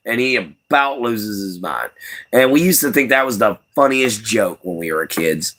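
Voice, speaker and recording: Chuckling as he replies to his chat, a young livestream host with a Southern US accent rambles along in a folksy style. He speaks at normal speed in a mid-range, slightly bright voice.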